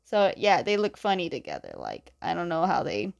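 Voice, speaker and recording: A woman's voice: on the low side, wildly swooping pitch, a little fast, gravelly. A young woman casually retelling a story in a chatty, wry way. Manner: chatty, wry, laughs while telling. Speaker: comic recap host.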